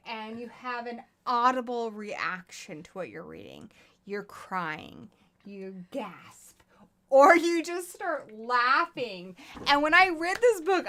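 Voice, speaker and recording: A woman who grew up in England, co-hosting a casual live movie review and telling rambling, animated personal stories while a little tipsy. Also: a little high. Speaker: co-host of a horror movie review show. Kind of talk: casual chat on a live stream.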